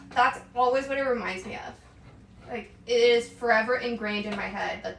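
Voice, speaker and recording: A woman's voice: a little high, moderate pace, creaky, distant mic. A woman chatting casually on a stream while she cooks, rambling with lots of fillers and giggles. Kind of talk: casual chat while cooking. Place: home kitchen. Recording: roomy sound from away from the mic, faint background noise.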